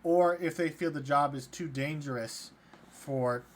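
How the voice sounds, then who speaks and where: A man's voice: a little high, unhurried, lightly acted. A man voicing a weary, blunt male mercenary recruiter in a tabletop game, speaking matter-of-factly with a wry edge.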